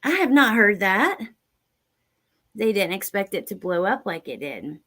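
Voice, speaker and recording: A woman's voice: medium pitch, sing-song, a little slow, a bit bright. A woman hosting a livestream, reacting to an interview clip and reading out viewers' chat comments as she muses aloud. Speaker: livestream host.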